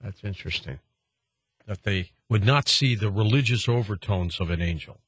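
A man's voice: lowish voice, normal speed, a bit bright, breathy edge, dry recording. A man interviewing a guest, asking brief leading questions. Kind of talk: radio interview.

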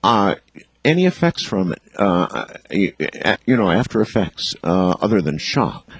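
A man interviewing a guest, asking measured, probing questions. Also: deep voice, big pitch swings, husky, no room sound.

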